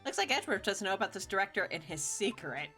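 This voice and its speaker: A woman's voice: mid-range voice, lively intonation, fast, sharp tone, faint music behind. A woman streamer giving chatty, giggly commentary while she plays a game live.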